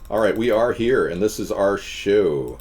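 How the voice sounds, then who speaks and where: A man hosting a political live stream, talking casually in a rambling, digressive way full of halting restarts. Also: fairly low pitch, expressive, darkish tone. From West Coast of the US.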